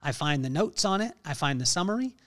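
A middle-aged man hosting his podcast, telling an unscripted motivational story in an earnest way, halting often with fillers. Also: a little high, very animated, fairly bright tone. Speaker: podcast host.

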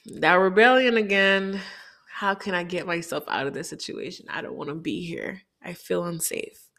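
A woman's voice: fairly low pitch, moderate pace, creaky, fairly bright tone. A woman from Haiti telling a candid, reflective personal story, often quoting people in dialogue.

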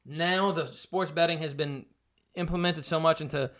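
Brash man with a higher voice. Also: fairly even intonation, normal speed, a bit bright. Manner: brash, profane, joking. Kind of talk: casual chat. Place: garage.

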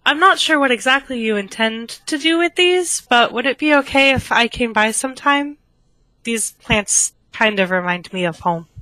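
A woman voicing a gentle, friendly young man who speaks softly and laughs easily. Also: a little high, lively intonation, normal speed, no room sound, low-quality recording. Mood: polite. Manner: soft-spoken, friendly, giggly. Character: gentle, polite young man, plant-loving.

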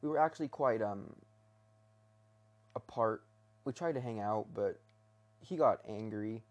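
A man's voice: fairly low pitch, unhurried, long pauses, a little mellow, dull audio. A young man rambling casually in his bedroom, talking hesitantly with many restarts and fillers. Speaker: vlogger.

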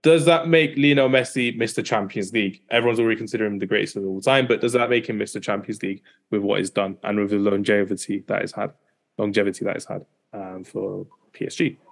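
A man's voice: fairly low pitch, steady tone, creaky. A man hosting a casual football chat, rambling and often repeating himself. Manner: fast, rambling, repeats "as well". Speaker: podcast host.

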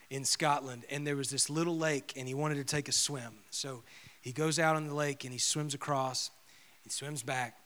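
Bright-voiced male pastor preaching a sermon. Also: medium pitch, moderate pace. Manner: storytelling, swings from loud proclamation to hushed whisper.

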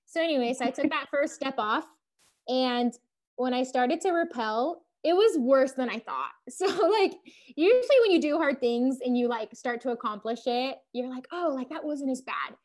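A woman's voice: sits high, lively intonation, moderate pace, a little mellow. A young adult woman telling a story in a casual chat, filling her talk with "like" and laughing along. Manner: chatty, lots of "like", laughs while telling. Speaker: podcast host telling her climbing story.

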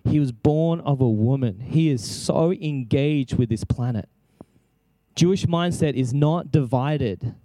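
A man's voice: mid-range voice, measured pace, warm tone, no echo. A man preaching an impassioned sermon, exclaiming and acting out prayers as he speaks.

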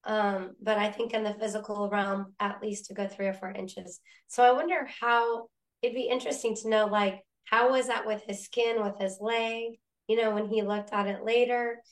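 Speaking at a normal speed in a mid-range voice, this woman tells her own faith story on a podcast. She keeps it casual and lively, acting out the voices of the people involved.

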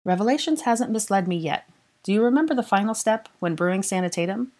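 Woman putting on a brisk, bookish young witch. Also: medium pitch, expressive, a little mellow, voice pushed up, lightly acted. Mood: earnest.

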